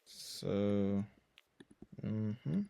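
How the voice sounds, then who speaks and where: A tired young man running casual commentary on his own trading, slangy and full of fillers, dropping to low mutters and then breaking into loud swearing. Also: drawn-out words, creaky, clean tone. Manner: slangy, filler-heavy talk. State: tired from little sleep. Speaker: day trader streaming his session.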